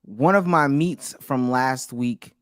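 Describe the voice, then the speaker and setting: A man's voice: mid-range voice, slow pace, smooth, no room sound, clean studio sound. A man joining a podcast as a guest, talking wryly with jokes and laughter. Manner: wry, joking, laughs between remarks. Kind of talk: casual podcast chat.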